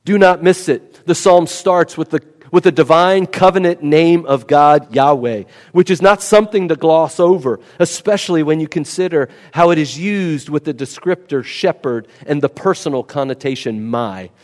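Emphatic preacher in a reverberant hall. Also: male voice, a little high, normal speed, hardly any pauses. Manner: emphatic, teaching, repeats key words. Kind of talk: expository sermon.

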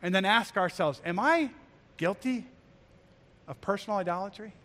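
A high-pitched man delivers a pastor's sermon with earnest, insistent repetition. His voice rings out with a long reverb trailing each phrase, as in a church sanctuary. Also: moderate pace, pushed and bright. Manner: earnest preaching, rising to emphatic exhortation.

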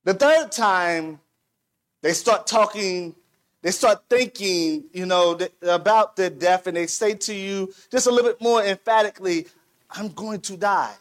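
Slow, deliberate preacher man. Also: high-pitched. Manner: slow and deliberate, building to emphatic peaks. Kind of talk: sermon with opening prayer. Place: church.

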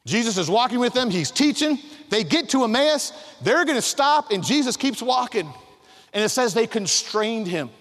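A man preaching a sermon, emphatic, swinging from soft asides to loud acted-out quotes. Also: extremely high pitch, big pitch swings, moderate pace. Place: large hall. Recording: long hall reverb.

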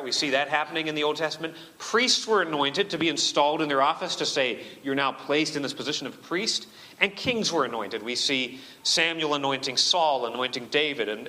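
Forceful preacher in a reverberant church. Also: male voice, on the high side. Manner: emphatic, asks rhetorical questions. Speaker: pastor. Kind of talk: sermon. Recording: long reverb of a church hall.

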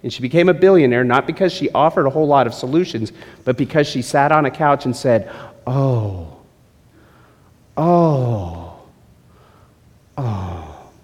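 A man's voice: medium pitch, fast talker. A male pastor preaching a sermon, teasing and joking with his congregation between points. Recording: long hall reverb.

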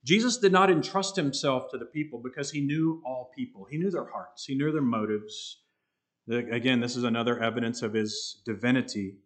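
A man preaching an expository sermon, earnest and emphatic, slowing down to stress key words. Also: mid-range voice. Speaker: pastor.

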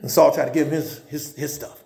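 A man preaching a sermon, telling Bible stories in a lively, folksy and humorous way. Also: a little high, a little fast, creaky. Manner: animated, folksy storytelling with humor. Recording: roomy echo.

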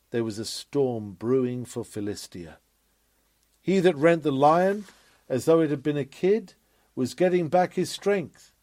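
A man preaching a fervent sermon, rising to loud cries and dropping to quiet asides. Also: medium pitch, no room sound.

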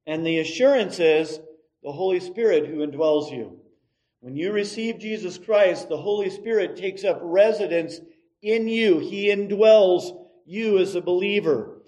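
A middle-aged man delivers a sermon at an unhurried pace, his voice sitting a little high for a man. He tells stories with animation, rising to loud emphasis, then dropping into quiet, offhand asides. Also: low-quality recording. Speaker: pastor.

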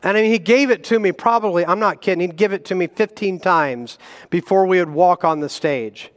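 Preaching man, slightly high voice, reverberant hall. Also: fairly quick. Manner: animated preaching with self-deprecating humor and chuckles. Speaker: guest pastor. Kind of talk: sermon. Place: church sanctuary.

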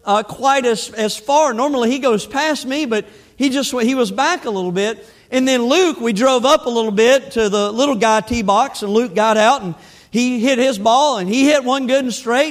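High-voiced preacher telling a story. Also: male voice. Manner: folksy storytelling, drawn-out emphatic preaching. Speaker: pastor. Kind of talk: sermon with personal story.

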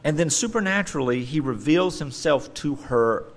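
A male preacher giving a sermon, animated and emphatic, with playful joking asides. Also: on the high side, normal speed.

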